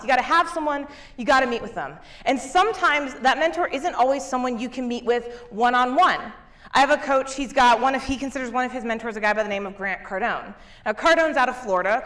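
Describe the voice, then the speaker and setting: Her voice high, a female business coach gives an energetic motivational keynote from a conference stage, frequently laughing while speaking to the audience.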